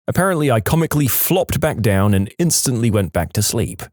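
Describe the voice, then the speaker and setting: Man, storytime narrator, lively swooping pitch, acts out quotes, dry close sound. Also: fairly quick, no echo. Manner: expressive, acts out quoted lines with voice changes. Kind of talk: scripted narration of reader stories.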